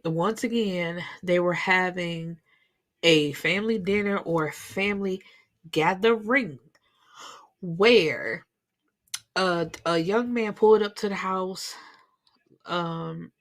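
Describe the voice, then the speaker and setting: Chatty, cursing woman recapping a book. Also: on the low side. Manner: chatty, profane, animated retelling. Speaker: book reviewer.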